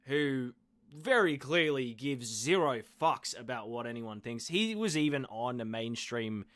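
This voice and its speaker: A man's voice: mid-range voice, animated, unhurried, a bit bright, no echo, clean studio sound. A man with an Australian accent hosting a live stream, chatting loosely and profanely to his viewers. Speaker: livestream host. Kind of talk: casual live reaction commentary.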